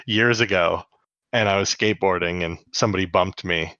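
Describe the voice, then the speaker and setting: Casual male podcast co-host, low voice, swears and jokes, dull dry audio. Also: moderate pace, pushed and bright, dry recording. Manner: laughs often, swears freely, acts out quotes. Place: home, on the US West Coast.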